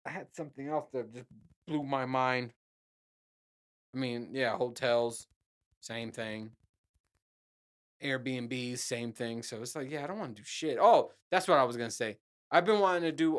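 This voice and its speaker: A man's voice: mid-range voice, a bit bright, smooth. A middle-aged man from New Jersey, talking in a rambling, profane, self-mocking way as host of a casual solo show. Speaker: podcast host.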